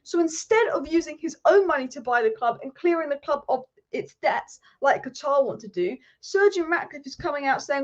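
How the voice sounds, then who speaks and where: A woman hosting a live football talk stream, talking passionately and fast in a ranting way. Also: high voice, lively intonation, dull audio. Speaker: football channel host.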